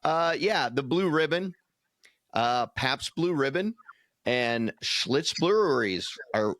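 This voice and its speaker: A man's voice: mid-range voice, lively intonation, slow pace, fairly bright tone, dry recording, studio quality. A man co-hosting a casual podcast, recapping a quiz answer in an easygoing, joking way with many uhs. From United States. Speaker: podcast co-host.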